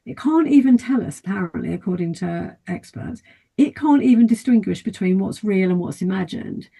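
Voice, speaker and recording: A female life and mindset therapist, appearing as a guest on a podcast interview, explains things at length in a calm, patient and steady teaching tone. Her voice has a low, gravelly edge and a moderate pace, and she acts out quoted inner thoughts in brief asides.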